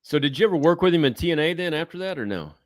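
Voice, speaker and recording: A man's voice: fairly high pitch, expressive, rapid-fire. A male host asking questions and reading viewer messages on a live show. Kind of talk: casual live show chat.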